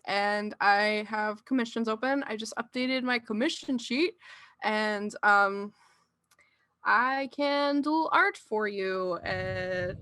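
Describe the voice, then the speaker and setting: A woman in casual stream chat with a bright, fairly high voice. She giggles and hesitates, filling gaps with ums. The sound is dry and close. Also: no room sound. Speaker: game master.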